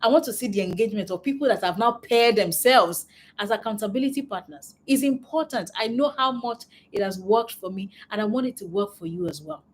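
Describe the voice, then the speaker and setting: A woman's voice: mid-range voice, animated, fairly quick, a little hiss or hum. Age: adult. Sex: woman. Role: business coach. Style: live online class. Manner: upbeat, encouraging, keeps repeating praise. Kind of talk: live webinar, reading out chat replies.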